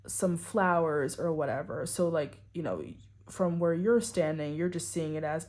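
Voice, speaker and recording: A woman's voice: low-pitched, normal speed, hardly any pauses, darkish tone. A woman giving a casual tarot reading to her viewers, rambling and full of "like" and "you know". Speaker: tarot reader.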